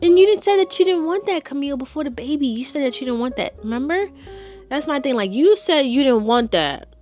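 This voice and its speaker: Sassy young woman ranting about a show, highish voice, faint music behind. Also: expressive, brisk, darkish tone. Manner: sassy, exasperated, slangy. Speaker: TV review vlogger. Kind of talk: casual chat.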